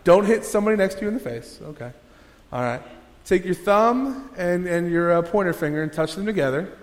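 A man's voice: high-pitched, lively intonation, a little fast. A man preaching a sermon as pastor, casual and joking, leading the congregation through a hands-on exercise. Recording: long hall reverb.

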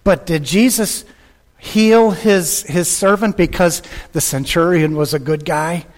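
A man preaching a sermon with passion, repeating phrases and swinging between loud bursts and hushed lines. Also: a little high, a little slow, long reverb tail. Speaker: pastor.

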